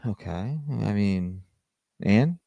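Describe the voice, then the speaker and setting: Profane, animated man livestreaming. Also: on the low side, very slow, gravelly, no room sound, lo-fi sound. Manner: profane, animated, mocks with put-on quotes. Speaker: livestream host. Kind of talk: casual livestream commentary.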